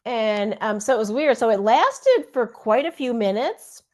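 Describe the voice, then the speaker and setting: Casual podcast host, a woman with a higher voice who acts out her stories loudly over a video call. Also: a little slow. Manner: animated storytelling, acts out quotes loudly. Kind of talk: casual chat.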